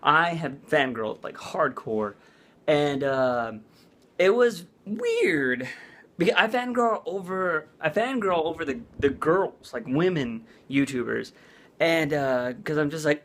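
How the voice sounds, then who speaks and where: A man's voice: a little high, sing-song, measured pace, a bit bright, a little hiss or hum. A man vlogging in a casual chat, rambling with lots of "like" and "uh". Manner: rambling, full of "like" and "uh".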